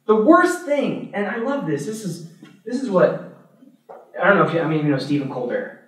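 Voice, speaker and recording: A priest with a high, bright voice gives an animated teaching talk, breaking into laughter as he tells stories. He sounds far from the mic in a very echoey church hall. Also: normal speed. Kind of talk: adult formation talk.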